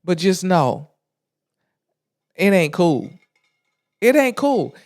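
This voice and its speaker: An exasperated podcast host retells a personal story in loose, animated talk. The speaker restarts sentences and drops slang and swearing along the way. The pitch sits in a middle register. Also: slow. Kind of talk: casual storytelling monologue.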